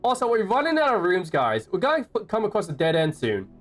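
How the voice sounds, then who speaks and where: Lively, high-pitched Australian man streaming a game. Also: fast talker, faint music behind. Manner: chatty, playful, reading game notes aloud and chatting to viewers. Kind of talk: live gameplay commentary.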